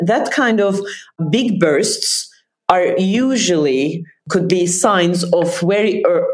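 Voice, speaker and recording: Woman therapist, lower register, thoughtful explainer in casual conversation. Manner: thoughtful, explanatory, pauses to rephrase.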